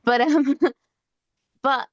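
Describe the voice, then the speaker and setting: A woman's voice: high-pitched, steady tone, very slow, no room sound, lo-fi sound. Chatty woman podcaster, dry sound. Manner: chatty, laughs often, trails off and restarts. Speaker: podcast co-host. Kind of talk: casual chat.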